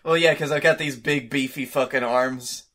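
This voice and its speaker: A man's voice: medium pitch, fairly even intonation, moderate pace, a bit bright. A man co-hosting a comedy podcast, joining in with playful banter full of restarts. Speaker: podcast co-host.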